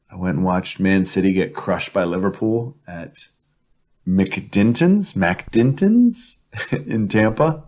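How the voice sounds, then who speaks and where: Low-voiced man telling rambling stories. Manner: rambling storyteller, laughs often. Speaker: podcast co-host. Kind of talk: casual chat. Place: indoor room, in person.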